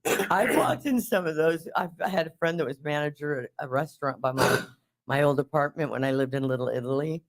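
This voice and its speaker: A middle-aged man with a somewhat high-pitched voice trades casual banter on a talk radio show. He chimes in with quick, joking remarks. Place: radio studio.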